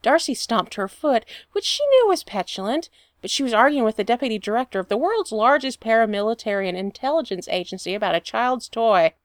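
A woman reading a fan fiction story aloud with expressive storytelling. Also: fairly high pitch, a little fast, dry recording, studio quality. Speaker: reader.

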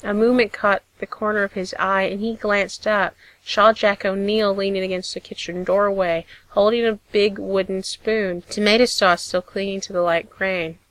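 A woman narrating a piece of fiction in a steady, measured storytelling voice. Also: medium pitch, dry recording, poor audio. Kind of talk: audiobook reading of fiction.

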